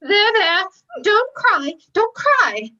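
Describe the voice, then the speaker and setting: A sweet, coaxing bridesmaid, played by a woman on stage, with a high, bright voice. The stage recording sounds dull. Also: big pitch swings, extremely slow, full character voice.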